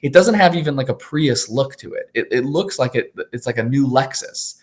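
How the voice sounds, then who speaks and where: Animated, candid male attorney. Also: mid-range voice, normal speed. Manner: candid, animated storyteller with many fillers. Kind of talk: interview guest.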